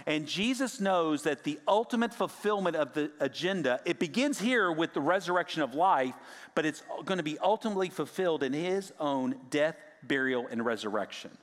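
A male pastor preaching a sermon, swinging from raised emphasis down to hushed, near-whispered lines. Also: a little high, long reverb tail.

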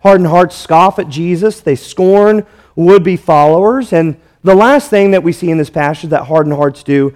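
A man's voice: on the high side, normal speed, darkish tone. A man preaching a sermon, emphatic and repetitive, walking through a passage verse by verse. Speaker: pastor.

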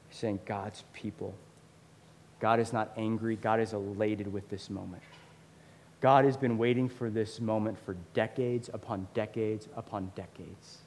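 A man in his thirties preaching a sermon as a pastor, conversational and animated, with lots of fillers. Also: fairly low pitch, a little slow, a little hiss or hum. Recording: long hall reverb.

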